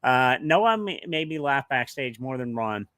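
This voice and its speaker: Guy streaming wrestling talk, bright forceful voice, kinda rambly and emotional, dry close mic. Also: mid-range voice, lively intonation, a little slow, no room sound. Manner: emotional, rambling, many restarts. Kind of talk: casual live-stream commentary.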